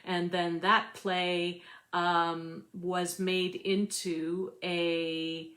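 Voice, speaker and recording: A woman's voice: fairly low pitch, little pitch movement, drawn-out words, fairly bright tone. A librarian woman, chatting enthusiastically about books with lots of ums. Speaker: librarian hosting a book talk. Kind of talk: casual book review livestream.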